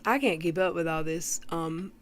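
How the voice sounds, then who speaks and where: A woman hosting a casual livestream, rambling through commentary and greeting viewers from the chat, with frequent throat clearing. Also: fairly low pitch, moderate pace, slight background noise. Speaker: livestream host.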